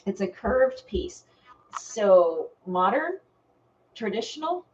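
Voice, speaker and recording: A woman's voice: mid-range voice, sing-song, takes it slowly, a little mellow, muffled recording. A woman hosting a casual live vlog, chatting with viewers by name and laughing often. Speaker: vlog host. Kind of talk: casual live-stream chat. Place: home.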